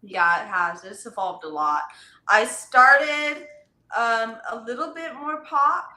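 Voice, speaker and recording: Bright, giggly young woman singer. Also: a little high, slow. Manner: animated, giggly, quotes herself in voices. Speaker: singer guest. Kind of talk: casual interview storytelling. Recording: echoey room.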